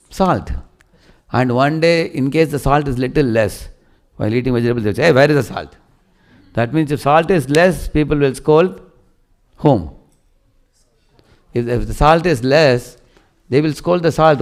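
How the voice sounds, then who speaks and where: A man giving a devotional sermon, telling stories and often asking listeners questions. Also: mid-range voice. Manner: animated storyteller, asks listeners questions. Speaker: preacher.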